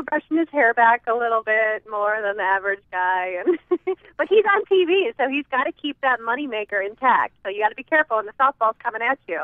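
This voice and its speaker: A slightly high-voiced woman from the American Midwest chats casually as an interview guest, giggly and talkative, her sentences trailing off into fillers. She's on a phone, so the line sounds tinny, though there's no room sound.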